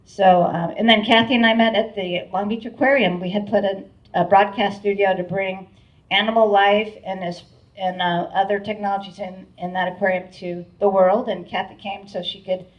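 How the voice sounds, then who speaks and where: A woman's voice: medium pitch, steady tone, moderate pace, recorded from a distance. A middle-aged woman giving a grateful, heartfelt speech at a live event, her talk full of restarts and little fillers. She sounds set back from the mic, and the recording is dull and muffled. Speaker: board chair giving a speech. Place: event hall with an audience.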